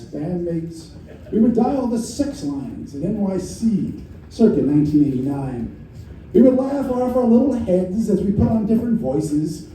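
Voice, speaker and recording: A middle-aged man with a New York accent reads his poetry aloud at a live variety show, in a wry, deadpan way with many repetitions. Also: sits high. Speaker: poet reading his work. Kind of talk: spoken-word poetry reading. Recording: very echoey room from far off, faint noise.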